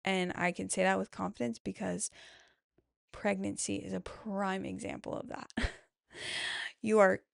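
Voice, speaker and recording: Creaky-voiced mom chatting on her own. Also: medium pitch, flat delivery, unhurried, pauses often, dry recording, studio quality. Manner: warm-hearted, affirming, chatty with frequent "I love that". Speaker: mom podcaster reading follower replies. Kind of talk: casual solo chat.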